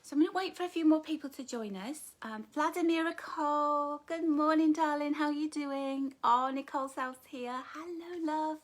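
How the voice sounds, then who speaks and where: A high-pitched middle-aged woman with a Northern English accent, talking casually from her living room into a phone or webcam. She greets viewers warmly by name and keeps things light with giggly, self-deprecating asides. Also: moderate pace, few pauses. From England. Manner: chatty, affectionate, greets viewers by name with "darling" and "love". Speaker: author hosting a live book launch. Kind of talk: casual livestream chat to viewers. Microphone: phone or webcam facing her.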